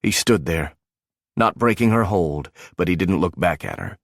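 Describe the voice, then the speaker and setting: Male romance audiobook narrator, low voice, dry close-mic read, measured delivery. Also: lively intonation, gravelly, no room sound.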